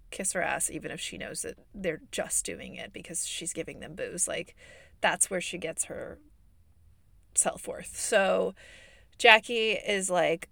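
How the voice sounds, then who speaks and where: A woman hosting a casual movie review podcast, chatty and expressive, talking in a put-on Midwestern accent. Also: lowish voice, gravelly, dry recording. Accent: fake Midwestern. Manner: expressive, chatty, laughs often. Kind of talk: casual chat.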